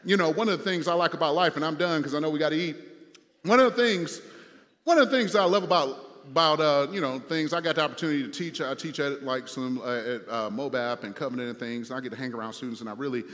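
Male pastor, higher register, chatty preaching style, church hall reverb. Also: quick pace, fairly bright tone. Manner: conversational preaching with repeated phrases and fillers. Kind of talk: sermon.

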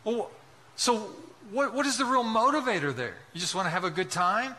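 A man's voice: high-pitched, expressive, normal speed, pushed and bright. A man preaching a sermon with passion, asking one rhetorical question after another and acting out voices from the story. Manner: impassioned, rhetorical questions, acts out quotes. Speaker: pastor.

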